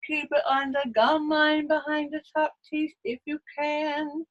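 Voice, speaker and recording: Slow, high-voiced woman teaching singing. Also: monotone, phone-quality sound, faint music behind. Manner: slow, patient coaching between sung exercises. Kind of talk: singing lesson with vocal exercises.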